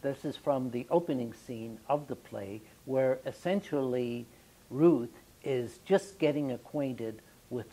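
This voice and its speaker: A man hosting a theater show, introducing a scene in a measured, informational way. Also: mid-range voice, mellow, rough recording. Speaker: host.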